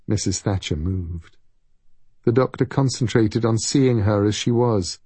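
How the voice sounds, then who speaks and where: A man giving scripted audiobook narration in a steady, measured reading. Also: fairly low pitch, breathy edge, no room sound.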